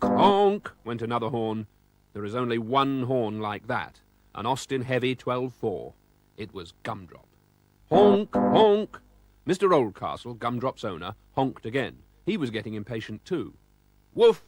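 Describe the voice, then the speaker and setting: A man with a British accent narrating a children's storybook expressively, voicing sound effects. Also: medium pitch.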